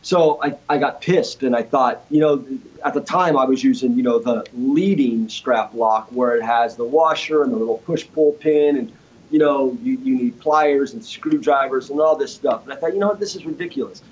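A man's voice: medium pitch, moderate pace, lo-fi sound. A man, a guitarist and inventor, telling a story as a guest in a casual interview, acting out the other people's lines as he goes. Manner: animated storyteller acting out quoted voices. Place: home studio.

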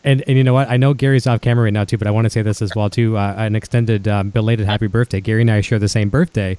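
A man's voice: on the low side, steady tone, racing, mellow, no room sound. A man with a Canadian accent hosting a casual online chat show, upbeat and effusive with his guests. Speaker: show host. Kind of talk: casual video-call chat.

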